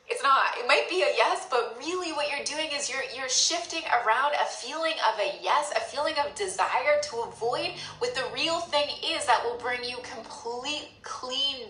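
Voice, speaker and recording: A woman's voice: high-pitched, bright, forceful tone. A woman coaching a group, talking animatedly and acting out the inner voices of her listeners. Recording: echoey room.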